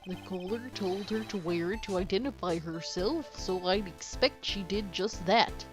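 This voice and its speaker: A woman putting on a fussy older male judge who speaks in prim, formal courtroom phrasing. Her pitch sits in an ordinary middle range, and faint game music plays behind. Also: moderate pace, close to an everyday voice. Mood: stern.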